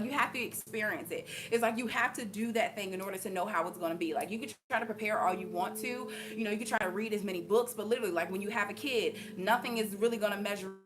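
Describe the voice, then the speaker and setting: A woman's voice: medium pitch, quick pace, over music. A woman vlogger talking to her viewers in a casual, emphatic way, often laughing and repeating asides to them. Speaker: spiritual vlogger. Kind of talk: casual spiritual encouragement to viewers.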